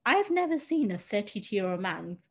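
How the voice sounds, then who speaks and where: A young woman telling a dating story in casual podcast chat, animated and quick to laugh. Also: mid-range voice, husky. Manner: animated, laughing, acts out dialogue.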